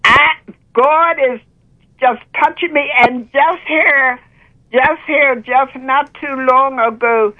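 A woman's voice: sits high, slow. Older woman testifying fervently over a phone line. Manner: fervent, breaks into praise, voice catching with emotion. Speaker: caller sharing a testimony. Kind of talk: emotional testimony.

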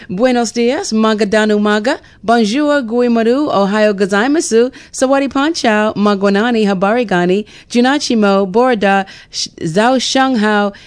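A middle-aged host of a morning worship call-in show, talking in a lively, chatty way that mixes casual devotional talk with prayer and frequent laughter. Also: mid-range voice, smooth.

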